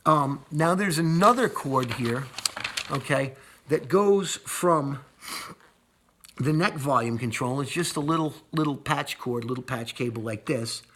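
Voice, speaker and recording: A man's voice: medium pitch, expressive, measured pace, fairly bright tone, a little hiss or hum. A man casually walking viewers through a wiring job, rambling, repeating words and cursing when annoyed. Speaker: video host demonstrating an install. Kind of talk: casual how-to walkthrough.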